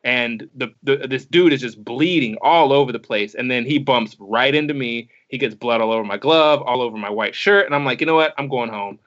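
A man's voice: medium pitch, a little fast, few pauses, fairly bright tone. Guy rambling on a podcast, keeps repeating words, kinda muffled sound. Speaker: podcast co-host. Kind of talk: casual podcast chat. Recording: slightly muffled podcast audio.

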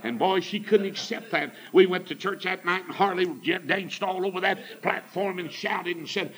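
A man's voice: high voice, normal speed, few pauses, a bit bright, rough recording. A man preaching a sermon in a folksy, fervent storytelling manner.

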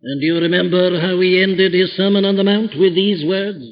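An older man preaching from the pulpit, his voice pitched high and ringing with emphasis as he quotes scripture in old English. It is a dull, lo-fi archive recording, and a long reverb hangs in the church behind him. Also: fairly even intonation, moderate pace. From Wales. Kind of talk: sermon.

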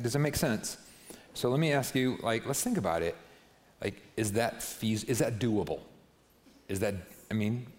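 Male pastor, relaxed sermon delivery, chatty with asides, mid-pitched voice. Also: long reverb tail. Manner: casual, chatty, lots of asides. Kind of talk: conversational sermon. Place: church sanctuary.

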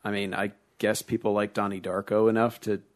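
A man's voice: fairly low pitch, level tone, a little fast. A man co-hosting a casual film review chat, ranting bluntly and swearing freely. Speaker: podcast co-host.

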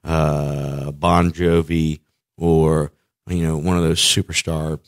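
A man's voice: rumbling low, level tone, takes it slowly, creaky, dry recording, studio quality. A man co-hosting a podcast, talking in rambling, blunt, profane banter with frequent restarts. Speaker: podcast co-host. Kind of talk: casual crude banter.

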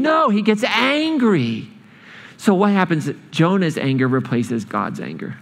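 A man preaching a sermon, storytelling with lively changes of speed and emphasis in a church hall. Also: sits high, gravelly. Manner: animated storytelling, speeding up and slowing down. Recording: long hall reverb.

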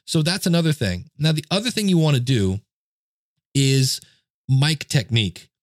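A man's voice: on the high side, very animated, normal speed, dry recording. Chatty man talking tech, dry close mic. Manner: chatty, self-deprecating, demonstrating gear. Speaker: podcast host. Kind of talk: casual how-to talk. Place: home desk setup. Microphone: dynamic studio mic, close.

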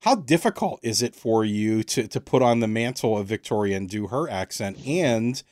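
A man interviewing a voice actor, asking relaxed, curious questions in casual chat. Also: on the low side, moderate pace.

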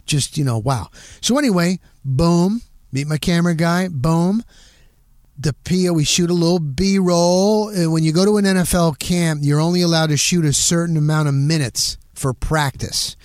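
Man, middle-aged, podcast host, high voice, lively storyteller, dry close sound. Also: normal speed, no room sound. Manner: animated, punchy, acts out quotes with sound words like "boom". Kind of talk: casual storytelling monologue.

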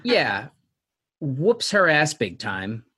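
A man's voice: on the high side, wildly swooping pitch, drawn-out words, pushed and bright, slightly rough. Rambling, laughing man in casual chat. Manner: rambling, laughs often, acts out quotes. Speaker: podcast co-host. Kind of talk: casual chat recapping a TV episode.

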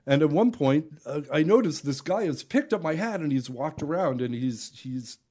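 A man's voice: a little high, lively intonation, normal speed, dark tone. A man who is a juggler and podcast guest, telling a story in casual conversation with lots of laughter, fillers and restarts.

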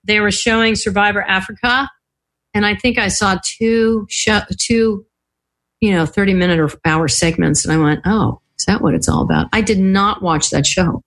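Speaking at a normal speed with a medium-pitched, lively voice, this older woman shares stories as a guest on a podcast. The talk is a casual interview, full of her laughter and her impressions of the voices she quotes.

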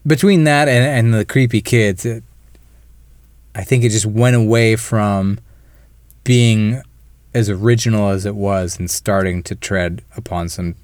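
A man talks through a horror film on a podcast, in a smooth and resonant voice. The sound is dry and close, with no room around it. He breaks into quick impressions of the characters now and then. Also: fairly low pitch, no echo. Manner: animated, mimics characters in quick asides. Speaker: podcast co-host. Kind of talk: casual film discussion.

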